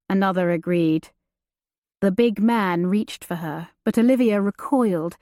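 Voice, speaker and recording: A woman narrates a novel in a slow, deliberate storytelling voice. Her pitch sits in a middle range. The sound is dry and close with no room echo. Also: mellow. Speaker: audiobook narrator. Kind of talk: scripted narration.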